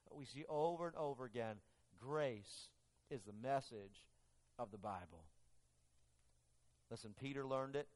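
A man preaching a sermon and telling a story, earnest and halting, often restarting his phrases. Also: mid-range voice.

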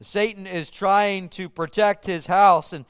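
A male pastor with a fairly high, smooth and resonant voice delivers a sermon. He tells the story vividly, building the scene for his listeners. The sound is close and dry. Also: fairly even intonation, unhurried, no room sound.

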